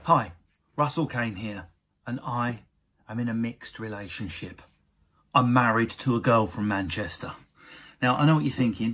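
A man from Essex doing an animated stand-up routine to camera, often jumping into high mocking voices of other people. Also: moderate pace, long pauses. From Essex, England. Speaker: stand-up comedian.

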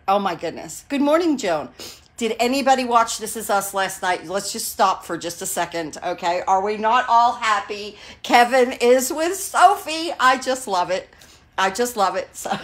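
A woman's voice: medium pitch, fairly bright tone. Chatty woman in her sixties, live-streaming. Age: 60s. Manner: chatty and digressive, greets viewers by name; gushing and enthusiastic. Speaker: craft demonstrator hosting a live stream. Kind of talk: casual live-stream chat.

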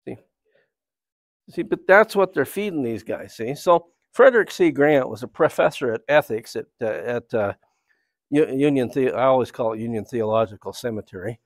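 A man gives a church talk in a loose, anecdotal way, drifting from story to point and back. His voice sits at an ordinary middle pitch. The sound is dry and close, with little room around it. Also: lively intonation, normal speed, dry recording. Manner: rambling, conversational storytelling. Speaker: church speaker.

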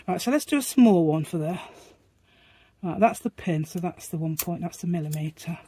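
A woman's voice: on the low side, expressive, moderate pace, mellow, slightly rough, no echo. A woman chatting casually as she demonstrates a craft, rambling as she works and making asides to her dog. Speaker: craft vlogger.

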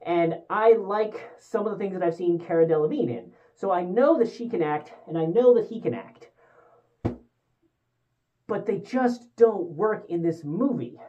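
A woman's voice: on the low side, a little slow, dull audio. Rambling young woman reviewing a movie. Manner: rambling and candid, with frequent fillers and self-corrections. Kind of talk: casual movie review vlog.

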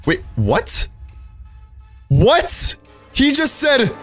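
A man giving excitable gameplay commentary over a game, full of exclamations. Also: high-pitched, normal speed, soft background music. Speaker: Minecraft YouTuber.

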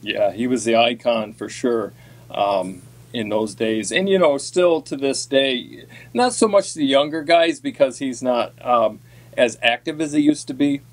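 A man in a casual podcast chat tells a long fishing-circuit story in a folksy, rambling way, stopping often for ums and restarts. His voice sits at an ordinary middle pitch. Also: unhurried. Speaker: podcast guest, former walleye tour pro.

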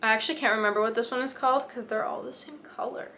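Giggly chatty girl in her 20s vlogging, brightish higher voice. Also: fairly even intonation, fast, slight background noise. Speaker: beauty vlogger. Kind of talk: casual vlog chat to camera.

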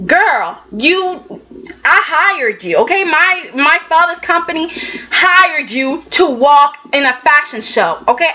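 A woman's voice: high-pitched, bright, forceful tone, lo-fi sound. A woman giving casual vlog commentary on a soap opera, emphatic and sassy, who keeps checking in with "okay?".

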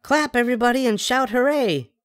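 An older man reading a storybook aloud, putting on a high falsetto voice for a bossy, theatrical little girl who fancies herself a star. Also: fairly quick, a bit bright, no echo, clean studio sound. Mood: showy announcing.

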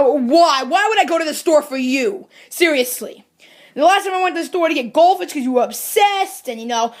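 Brief: a woman playing an exasperated mushroom servant, sarcastic and fed up; very high, comedy puppet skit. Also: natural voice.

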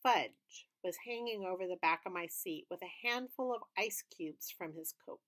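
A woman's voice: on the low side, moderate pace, a bit bright. A woman reading a children's book aloud, narrating steadily and expressively. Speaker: storybook reader.

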